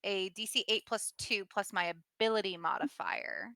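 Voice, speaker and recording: A woman playing a tabletop game, excitably talking through rules and dice rolls. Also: medium pitch, moderate pace, no echo. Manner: excitable, explains rules aloud. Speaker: player.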